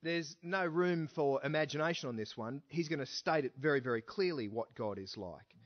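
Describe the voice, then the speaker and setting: A man's voice: a little high, animated, normal speed. A man preaching a sermon who speaks with emphasis and keeps asking his listeners rhetorical questions. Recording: dull lo-fi recording.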